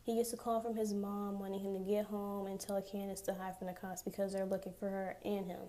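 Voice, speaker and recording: A young woman casually recapping a TV episode, chatty and profane, with sarcastic asides and quick acted-out quotes of the characters. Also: mid-range voice, little pitch movement, warm tone. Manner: acts out characters' lines in quoted voices. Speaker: TV recap vlogger.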